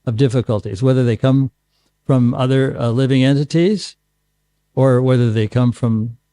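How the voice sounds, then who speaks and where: A man leading a temple class, answering questions in a dark, gravelly voice. He pauses often and restarts his sentences as he searches for words. The sound is dry and close. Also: mid-range voice, no echo. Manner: halting, many restarts and pauses. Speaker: guru giving a scripture class. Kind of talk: unscripted question-and-answer talk.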